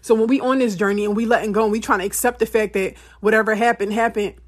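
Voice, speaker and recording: A woman giving a candid motivational monologue, blunt and emphatic, often profane, with lively swings in pitch. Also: fast. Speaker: motivational speaker.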